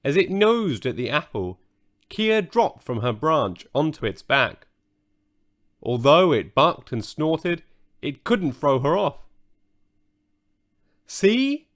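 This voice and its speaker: A man narrating a children's story aloud in an expressive storytelling manner. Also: a little high, takes it slowly.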